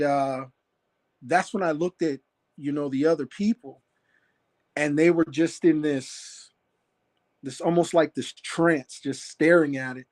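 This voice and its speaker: A man's voice: a little high, darkish tone. A man on a call telling a long personal story in a rambling way, with many fillers and restarts. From Phoenix area. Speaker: caller sharing a sighting. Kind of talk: casual storytelling. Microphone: phone on a call.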